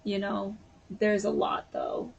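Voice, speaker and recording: A woman's voice: medium pitch, flat delivery, normal speed, lo-fi sound, slight background noise. A woman vlogger chatting casually and sounding a bit sleepy, rambling with lots of fillers. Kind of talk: casual chat.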